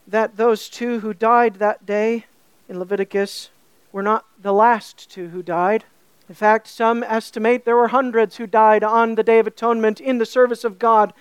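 A woman's voice: fairly high pitch, steady tone, normal speed, smooth, no echo. A woman preaching a sermon, emphatic, with rhetorical questions and building repetition.

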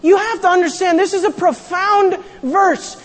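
A pastor preaching a sermon in a church, animated, acting out quotes and raising the voice for emphasis. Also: extremely high pitch, moderate pace. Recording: long hall reverb.

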